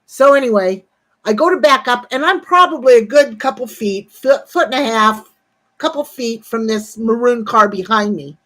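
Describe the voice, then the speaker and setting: A woman in her sixties talks casually on a livestream in a slightly high voice. She rambles and swears her way through a story and keeps pausing to greet viewers in the chat. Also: expressive, a bit bright. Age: 60s.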